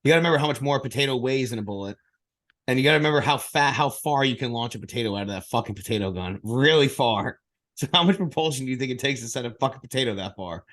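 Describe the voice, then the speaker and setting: A man's voice: medium pitch, animated, fast talker, fairly bright tone. Male podcast co-host, casual and profane, laughing storyteller, home mic on a call. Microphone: remote call mic.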